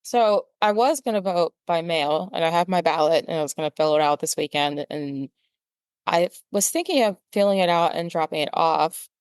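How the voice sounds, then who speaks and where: A woman co-hosting a podcast with a smooth, clear voice that sits a little low. She speaks in a measured, gently teasing way. The recording is close and dry. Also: no echo. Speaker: podcast co-host. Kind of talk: casual chat.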